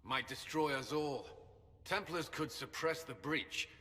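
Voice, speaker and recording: A man's voice: a little high, a little slow, sharp tone. An actor playing a firm, argumentative male military commander and former soldier. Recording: reverberant game audio.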